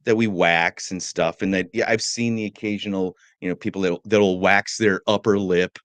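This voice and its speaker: Man, middle-aged, low voice, dry studio sound, rambling, jokey, morning show host. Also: fairly even intonation, normal speed, fairly bright tone, no echo. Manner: rambling, joking storyteller. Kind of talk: casual chat.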